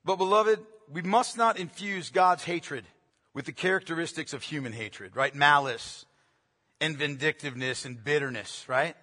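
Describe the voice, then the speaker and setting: Emphatic pastor preaching in a hall. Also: male voice, a little high, normal speed, bright, forceful tone. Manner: earnest, emphatic, repeats key phrases. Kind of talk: sermon.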